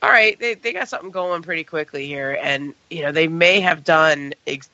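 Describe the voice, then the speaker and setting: Gravelly, bright-toned woman talking hoops. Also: low-pitched, moderate pace, dry recording, highs cut off. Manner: chatty, lots of "like" and "right?". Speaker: podcast co-host. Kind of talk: casual sports talk.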